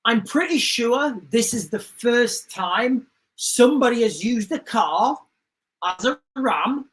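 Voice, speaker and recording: A woman's voice: on the high side, animated, takes it slowly, rough recording. Woman, livestream host, casual commentary, indignant, rambling, repetitive. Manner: indignant, rambling, repeats herself.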